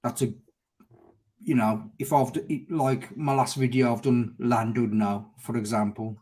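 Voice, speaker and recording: Here a Birmingham-accented, middle-aged motorcycle vlogger appears as a guest on a laid-back stream. He speaks a little slowly in a mid-range, dark-toned voice with fairly even intonation, talking openly, restarting words and calling folks mate.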